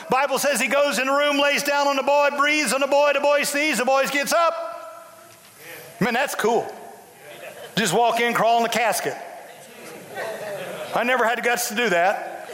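A man preaches in a church, his voice pitched very high and bright. He jokes with the crowd and hammers refrains over and over. The hall gives his words a long reverberating tail. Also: normal speed, pauses often. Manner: folksy, humorous, emphatic preaching with repeated refrains. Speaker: bishop preaching. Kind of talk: sermon. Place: church sanctuary.

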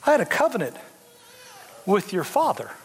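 A man's voice: high voice, huge pitch swings, normal speed, breathy edge, heavily acted. A man voicing a kind ancient king who insists on keeping his promise. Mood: reassuring. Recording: long hall reverb.

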